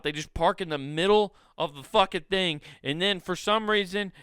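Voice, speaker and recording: Thirty-something comedian guy ranting, lots of cursing, bright and sharp, dead dry sound. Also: fairly high pitch, smooth, no echo. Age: 30s. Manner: profane, ranting, acts out bits in a raised voice. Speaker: comedian podcast host. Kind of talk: comedic monologue.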